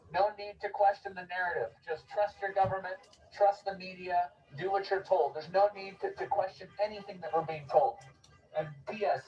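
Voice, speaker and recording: A man doing a sarcastic, deadpan street comedy monologue outdoors on a city street, repeating exhortations to a passing crowd. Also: high voice, highs cut off, slight background noise. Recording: distant outdoor street recording.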